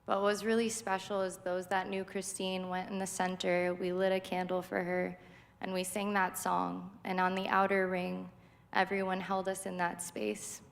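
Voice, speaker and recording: A woman speaking as a friend at a memorial service, heartfelt and measured, with frequent pauses. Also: fairly low pitch, monotone, gravelly. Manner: heartfelt, measured, pausing often. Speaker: friend giving a eulogy. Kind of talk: memorial tribute speech. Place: spiritual center sanctuary. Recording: echoey hall reverb.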